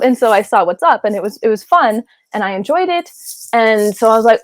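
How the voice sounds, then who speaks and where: A woman's voice: a little high, lively intonation, brisk, a little mellow, no echo. A woman voice actress chatting in an interview, giggly and rambling, wandering off on tangents from a home closet booth. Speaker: guest voice actress. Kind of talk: casual interview chat.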